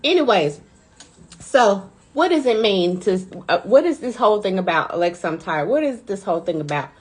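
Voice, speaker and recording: A woman coach giving a chatty, energetic motivational live talk, hyping up her listeners. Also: mid-range voice, normal speed, slightly rough. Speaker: mindset coach.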